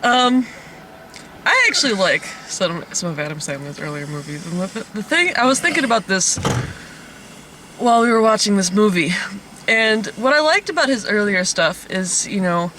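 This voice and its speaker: A man's voice: high-pitched, big pitch swings, moderate pace, noisy background. A man hosting a casual comedic movie review, rambling along and laughing often. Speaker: host of a movie review podcast.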